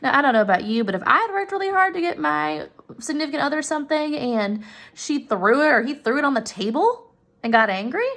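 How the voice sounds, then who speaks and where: A woman casually retelling a story, turning often to ask her listeners questions and filling pauses freely. Her voice is fairly high and has a gravelly, creaky texture. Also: animated, fairly bright tone. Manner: chatty, addresses listeners directly, many fillers.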